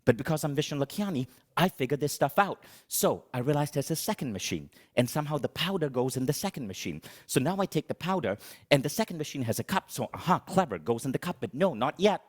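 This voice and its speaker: Animated middle-aged man telling a story. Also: on the high side, fast. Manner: animated, dramatic, self-mocking storytelling. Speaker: motivational speaker. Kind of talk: comic storytelling keynote talk.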